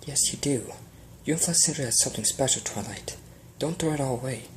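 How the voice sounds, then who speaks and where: A man's voice: mid-range voice, fairly quick, slight background noise, pitched above the performer's own voice, close to an everyday voice. A man reading the lines of a caring female pony princess who speaks firmly and insistently. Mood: stern. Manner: firm, insistent.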